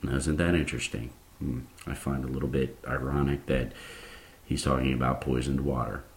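A man delivering a sermon in a very low, deep voice. He speaks casually to his listeners and turns fired up and forceful as he presses his point. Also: steady tone, fairly quick. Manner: grows impassioned and fired up. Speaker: preacher.

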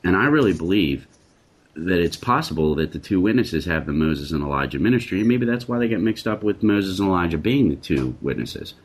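Deep husky preacher-like man. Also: expressive, a little fast. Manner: emphatic, preacherly, repeats phrases for force. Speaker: Christian talk show host. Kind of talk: preachy faith discussion.

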